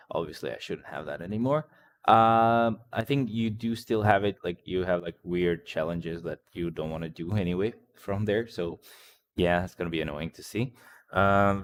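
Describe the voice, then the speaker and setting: A man with a very low voice chats casually through a game's patch notes. He rambles in an offhand way, reads lines aloud and answers chat, swearing now and then. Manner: occasional swearing. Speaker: gaming channel host.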